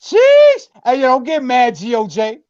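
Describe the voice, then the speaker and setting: A man breaks into a casual debate, insistent and repeating himself to get the floor. His voice is high and lively. The audio is muffled, lo-fi call sound. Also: unhurried. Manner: interjecting, insistent.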